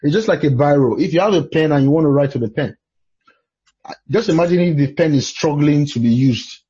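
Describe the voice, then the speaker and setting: A man's voice: a little high, fairly quick, dark tone, breathy edge, highs cut off. A man from Nigeria with a Nigerian accent, preaching in conversation and telling stories with frequent exclamations.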